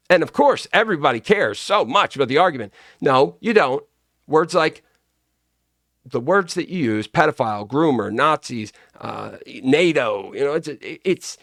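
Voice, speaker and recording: A man's voice: a little high, lively intonation, normal speed, vocal fry, a bit bright, dry recording, clean studio sound. A man delivering a combative, profane political rant straight to camera, often repeating himself for emphasis. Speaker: political commentator.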